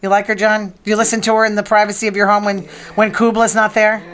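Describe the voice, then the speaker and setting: A woman's voice: mid-range voice, monotone, quick pace, fairly bright tone. A middle-aged woman hosting a casual news and gossip chat, opinionated and teasing the people in the room. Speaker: podcast host.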